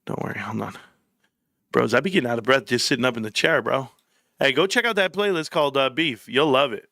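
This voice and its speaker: A man's voice: mid-range voice, animated, a little fast, gravelly, sharp tone, no echo, studio quality. A man hosting a live stream, reading viewer comments and joking around in loose, profane banter.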